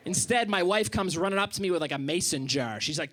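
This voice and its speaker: A man's voice: high voice, lively intonation, quick pace, noisy background. A man doing stand-up on a comedy club stage, sarcastic and incredulous.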